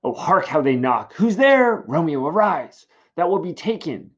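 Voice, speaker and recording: A man's voice: on the high side, very animated, unhurried, pitched above the performer's own voice, heavily acted. A stern old friar scolds in earnest, declamatory verse, read by a man in a slightly raised voice. The recording sounds a little muffled. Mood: urgent. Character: stern, moralizing older male friar.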